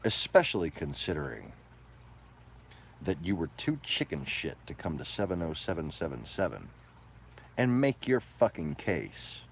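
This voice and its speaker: A man delivering a profane, combative ranting monologue, moving between low mutters and loud outbursts. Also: huge pitch swings, measured pace, a little hiss or hum.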